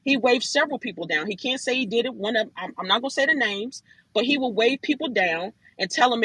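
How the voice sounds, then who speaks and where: A woman hosting a live audio chat room, telling her side of a dispute in an animated, emphatic way and often calling her listeners y'all. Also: fairly high pitch, fast, husky, no echo, low-quality recording.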